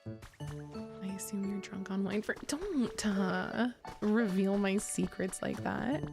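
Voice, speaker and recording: A woman talks loosely to her viewers while she plays a game, giggling and restarting her sentences. Her voice has a gravelly, fry-tinged edge, and her pitch sits in an ordinary middle range. Game music plays clearly underneath her. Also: slow pace. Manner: chatty, giggly, rambling with restarts. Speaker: streamer. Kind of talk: casual gaming stream chat.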